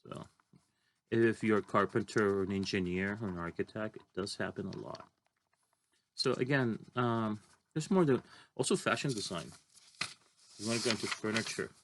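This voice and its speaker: A man's voice: lowish voice, moderate pace, long pauses, fairly bright tone, a little hiss or hum. A man teaching a drawing lesson, talking casually and thinking aloud as he draws. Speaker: art teacher.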